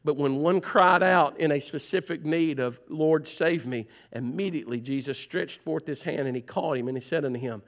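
A man preaching a sermon as pastor, swinging between loud urgent passages and soft, low pleading, repeating phrases for emphasis. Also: a little fast, hardly any pauses.

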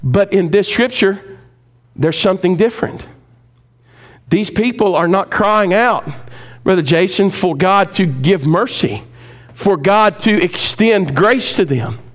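A man preaching a sermon, speaking straight to his congregation with questions, swinging from loud, high emphatic stretches to low, quiet ones. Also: expressive, measured pace. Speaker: pastor.

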